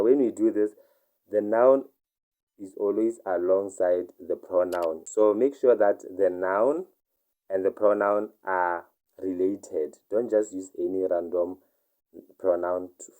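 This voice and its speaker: Male language teacher, low voice, dark mellow tone, repeats each example twice. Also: poor audio. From Botswana. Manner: says each example sentence twice, then translates it. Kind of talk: online language lesson.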